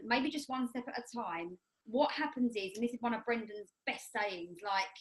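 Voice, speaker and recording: A woman with an English accent co-hosts a podcast, chatting about coaching clients in a loose, rambling way. She restarts her sentences often. Her voice sits a little high. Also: poor audio. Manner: rambling, self-correcting, chatty. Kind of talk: casual chat.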